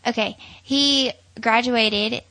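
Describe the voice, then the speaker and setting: A woman's voice: on the high side, steady tone, slow pace, bright, forceful tone, low-quality recording. A woman with a Southern US accent, co-hosting a podcast in casual chat, talkative and teasing. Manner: chatty, teasing, laughs often. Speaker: podcast co-host.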